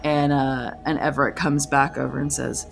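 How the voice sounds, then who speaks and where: Low-voiced, hesitant woman game master. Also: level tone, normal speed, gravelly, over music. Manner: hesitant, full of fillers. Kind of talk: narrating a tabletop game.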